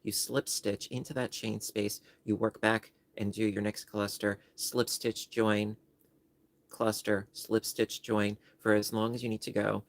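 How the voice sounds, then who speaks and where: Gravelly low-voiced man chatting. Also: little pitch movement, a little slow. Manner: chatty, explains step by step, reads out comments. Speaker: crochet channel host. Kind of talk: casual livestream chat. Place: home livestream setup.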